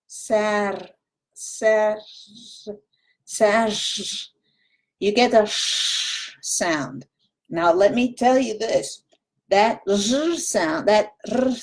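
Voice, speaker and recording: A woman teaching a Spanish lesson at a very slow, unhurried pace and a mid pitch. She patiently repeats practice words and demonstrates sounds, drawing out each one for the learner. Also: a little mellow. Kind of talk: recorded language lesson.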